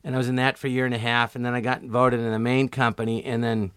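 A middle-aged man telling stories as a comedian guest in an interview, acting out quotes with sudden jumps in pitch. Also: level tone, fast talker, fairly bright tone, smooth, no room sound, studio quality. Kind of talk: storytelling interview.

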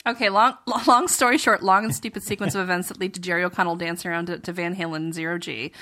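A woman on a casual book club podcast panel, speaking in a wry, animated way. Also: fairly low pitch, fast.

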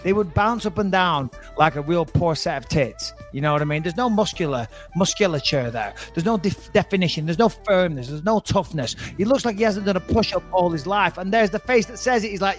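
High-voiced joking male podcast host. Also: expressive, a little fast, few pauses, faint music behind. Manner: joking, teasing, rambling asides. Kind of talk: casual comedic banter.

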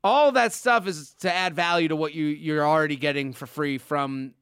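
A man hosting a podcast, chatting casually and joking with quick asides. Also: on the high side, fairly bright tone, smooth, dry recording, studio quality. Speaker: podcast host.

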